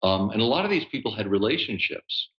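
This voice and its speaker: A man in his sixties, a voice actor, telling stories in a relaxed interview with many fillers and laughs. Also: on the low side, fairly quick, dull audio. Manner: animated, laughing storyteller with lots of fillers. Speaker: guest voice actor. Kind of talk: casual interview storytelling.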